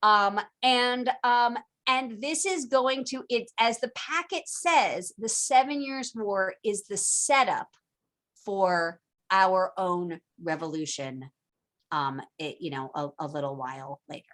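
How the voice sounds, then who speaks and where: A woman giving a casual online lecture over a video call, chatty and animated, acting out historical figures in jokey quoted voices. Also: mid-range voice, slow pace. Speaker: teacher.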